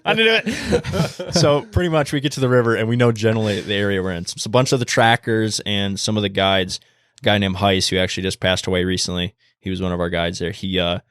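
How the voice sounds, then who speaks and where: A man guest on a podcast, telling a story in a casual, animated way and acting out the quotes in a hushed voice. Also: low-pitched, no echo, studio quality.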